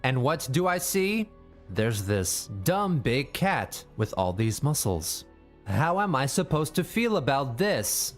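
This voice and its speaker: A man doing a scripted, deadpan comic promo read. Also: medium pitch, slow pace, soft background music.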